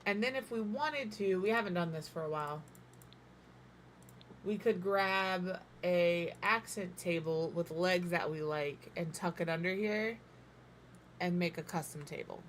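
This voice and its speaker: A woman in her thirties streams herself building in a game, chatting casually as she thinks aloud and jokes at her own expense. Her lowish voice is a little slow, sometimes muffled by food as she eats. There is a little hiss or hum in the recording.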